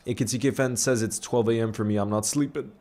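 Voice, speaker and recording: A man's voice: lowish voice, fairly even intonation, brisk. A man hosting a live football watch-along stream, chatting casually and reading out viewer messages between his reactions, in a laid-back, chummy way. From grew up largely in New York. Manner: laid-back and chummy, calling viewers "bro" and giving shout-outs. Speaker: livestream host of a match watch-along.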